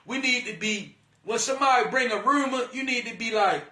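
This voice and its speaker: A man with a high, sharp, bright voice delivers a casual spiritual pep talk in blunt, profane slang. He keeps calling the listener "divine being" and lectures with a preachy edge. The sound is roomy, from a little way off the mic. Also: fairly quick, distant mic. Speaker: spiritual energy reader.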